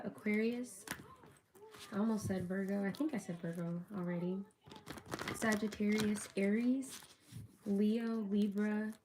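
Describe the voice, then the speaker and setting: A woman's voice: mid-range voice, background noise. Chatty upbeat young woman reading tarot. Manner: chatty, upbeat, talks straight to viewers. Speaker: tarot reader.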